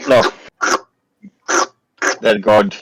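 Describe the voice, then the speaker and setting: A man's voice: drawn-out words, no echo, poor audio. A man playing a tabletop game who speaks hesitantly. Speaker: player.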